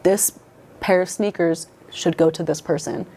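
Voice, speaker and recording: Low, mellow-voiced young woman telling her story. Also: steady tone, unhurried. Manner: emotional, lots of "like" fillers and restarts. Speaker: guest sharing her life story. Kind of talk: casual conversational storytelling.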